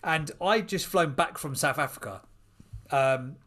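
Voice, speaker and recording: A man in his thirties, a podcast guest, telling an animated story and acting out the voices of people in it. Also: fairly high pitch, measured pace.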